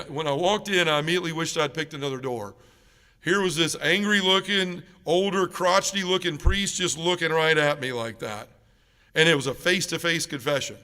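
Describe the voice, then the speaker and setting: A man's voice: a little high, pushed and bright. Man giving a testimony in a church. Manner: earnest, acts out the people in his story. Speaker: parish mission speaker. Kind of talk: personal testimony talk. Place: large church. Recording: long reverb of a church.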